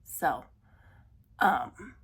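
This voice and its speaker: A woman's voice: sits low, expressive, very slow, a bit bright, breathy edge. A woman chatting casually in a cross-stitch vlog, laughing at herself, apologizing often, and dropping to a near-whisper when she fumbles. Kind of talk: casual chat.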